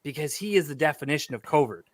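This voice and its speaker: A man co-hosting a podcast in casual chat, emphatic and animated, laughing between points. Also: on the high side, fast talker, no echo, studio quality. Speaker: podcast co-host.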